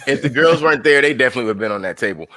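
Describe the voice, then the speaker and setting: A man's voice: medium pitch, animated, very fast, a crowd in the background. A man co-hosting a podcast, joking in a laid-back casual movie review chat. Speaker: podcast co-host.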